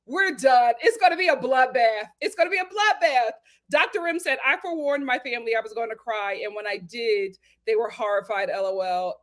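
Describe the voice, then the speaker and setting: A woman's voice: on the high side, a bit bright. A young woman hosting a live stream, chatting casually and animatedly with her viewers and laughing often. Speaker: host of a live show review stream.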